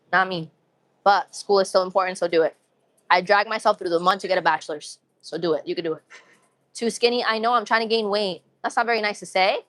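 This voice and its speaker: A young woman from Massachusetts, with a medium-pitched, slightly bright voice, chats casually and upbeat with viewers on her livestream. Her New England accent carries some urban slang, and she often repeats phrases. There's no room sound.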